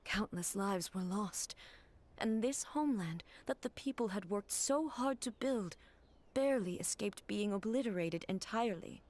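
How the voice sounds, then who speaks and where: An actress voicing a composed, ageless female fox-spirit priestess in game dialogue, speaking in a measured, formal, aloof way. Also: medium pitch, lively intonation, darkish tone, close to an everyday voice.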